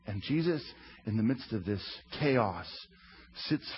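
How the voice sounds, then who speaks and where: A man in his thirties, a pastor preaching a sermon with humorous, animated storytelling. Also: on the low side, measured pace, slight background noise. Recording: slightly muffled recording.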